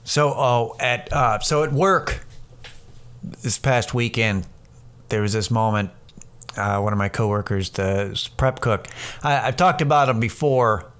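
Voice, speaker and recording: A middle-aged stand-up comedian hosts a casual solo podcast, his medium-pitched voice unhurried, fairly bright, clear, and resonant. He tells rambling, profane stories full of restarts.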